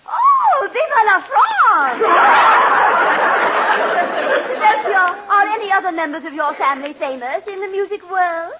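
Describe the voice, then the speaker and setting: An actress playing a fluttery, scatterbrained society hostess in a 1940s radio comedy, gushing and giggly. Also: female voice, very high-pitched, a little slow, pauses often, over a noisy crowd, heavy background noise. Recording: muffled old radio broadcast, studio audience.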